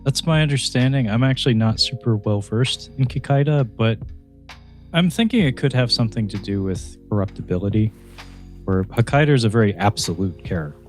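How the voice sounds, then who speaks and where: A man's voice: on the low side, fairly quick, faint music behind. A man co-hosting a casual film review podcast, recapping the plot in a rambling way with frequent laughs and restarts. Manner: laughs often, rambling with many restarts and fillers.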